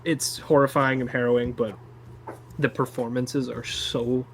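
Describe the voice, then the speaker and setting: A man's voice: mid-range voice, little pitch movement, a little slow, a little hiss or hum, poor audio. A young man co-hosting a podcast, chatting casually and enthusiastically about films, rambling and swearing freely. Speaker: podcast co-host. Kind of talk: casual film review chat.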